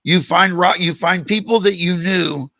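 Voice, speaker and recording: A man's voice: sits high, measured pace, vocal fry, no room sound. An older man hosting an interview, telling a long anecdote and acting out the dialogue in it. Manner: animated storyteller, acts out quoted dialogue. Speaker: podcast host. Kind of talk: storytelling in a casual interview.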